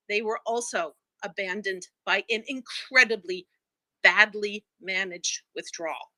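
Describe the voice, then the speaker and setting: A woman's voice: mid-range voice, steady tone, measured pace, bright, forceful tone, dry recording, low-quality recording. A woman taking part in an online audio debate, speaking bluntly with a sardonic edge. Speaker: discussion participant.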